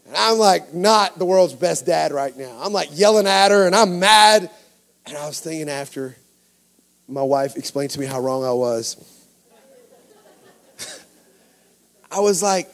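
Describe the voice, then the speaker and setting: A middle-aged man with a Cajun accent preaching a sermon, telling personal stories and swinging from quiet asides to shouted lines. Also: sits high, animated, a little slow, pauses often. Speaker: pastor.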